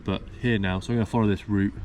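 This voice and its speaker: A man's voice: fairly low pitch, steady tone, fast, a little mellow, slight background noise. Chatty young man vlogging outdoors. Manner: rambling, chatty, loose filler-heavy talk. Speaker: travel vlogger. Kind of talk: casual vlog to camera. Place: outdoors walking a city.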